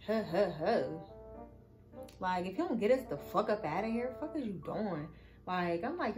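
Here a woman with a medium-pitched voice and lively intonation talks at a moderate pace, telling a storytime to the people watching her vlog. She's chatty, curses freely and calls her viewers y'all. The recording is rough, with music behind her.

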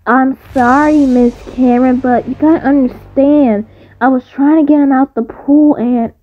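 A woman's voice: sits high, steady tone, moderate pace, warm tone, no echo, highs cut off. Woman voicing an apologetic babysitter. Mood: pleading. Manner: pleading, apologetic. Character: apologetic young female babysitter.

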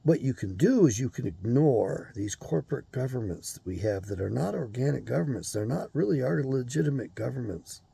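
A man's voice: mid-range voice, animated, brisk, gravelly, few pauses, warm tone, slightly rough, no room sound. An older man hosting his own show, delivering a blunt, profane, angry monologue. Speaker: show host.

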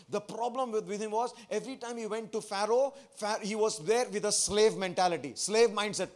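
A man's voice: high voice, fairly quick, few pauses. A man, a pastor, preaching a sermon to his church, asking the congregation questions and repeating phrases for emphasis.

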